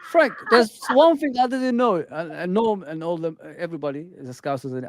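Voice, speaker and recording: Excitable man in a dry fan chat. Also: high voice, a little fast, few pauses, dry recording. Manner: animated, repeats himself, addresses the host by name. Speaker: guest.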